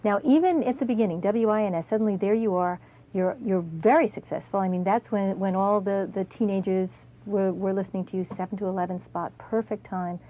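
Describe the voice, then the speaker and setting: A woman host with a mellow, warm-toned voice at a middle pitch. She steers an interview in a relaxed, conversational way, prompting her guest with questions. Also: brisk, rough recording.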